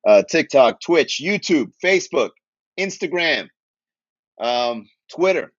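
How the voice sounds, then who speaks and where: A man's voice: on the high side, lively intonation, slow pace, no echo, dull audio. A man from Miami hosting a casual comedy livestream, joking and chatting with viewers, laughing at his own jokes. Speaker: comedy podcast host.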